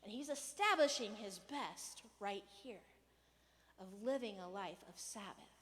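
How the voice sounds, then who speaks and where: A woman pastor giving a casual, conversational sermon, animated and playful, sometimes raising her voice to act out a rant. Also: medium pitch, measured pace, big-room sound. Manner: conversational, animated, acts out rants with raised voice. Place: church hall.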